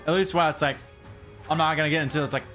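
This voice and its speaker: Excitable, bright-voiced male game streamer. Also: fairly high pitch, racing, faint music behind. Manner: excitable and rambling, repeats himself, laughs often. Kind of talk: casual gameplay commentary.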